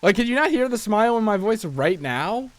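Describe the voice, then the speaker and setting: A man with a somewhat high voice talks his way through a video game in casual commentary. He rambles, restarts his sentences and pokes fun at himself as he goes. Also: big pitch swings, brisk. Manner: rambling, self-deprecating, chatty with frequent restarts. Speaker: let's play host.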